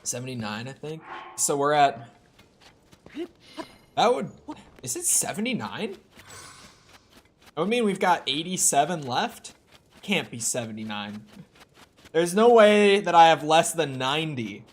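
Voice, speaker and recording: A man's voice: fairly high pitch, sing-song, a little slow, pauses often, a little hiss or hum. A young man streaming a video game, talking to himself in a casual, rambling way with frequent restarts. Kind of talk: casual gameplay commentary.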